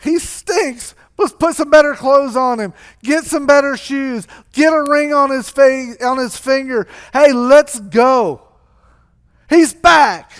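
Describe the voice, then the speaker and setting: A man voicing an overjoyed old father who excitedly calls out orders to his workers. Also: very high-pitched, takes it slowly, pitched above the performer's own voice. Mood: jubilant. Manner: loud, excited, exclaiming.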